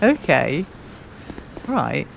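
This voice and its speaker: A woman, streaming a game casually, excitable and swearing often as she talks to her viewers. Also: low voice, extremely slow, creaky, slight background noise. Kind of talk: casual live-stream commentary.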